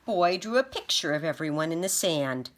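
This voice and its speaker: A woman reading a children's picture book aloud, expressive and acting out sound effects. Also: low voice, normal speed, a little hiss or hum. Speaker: storybook reader.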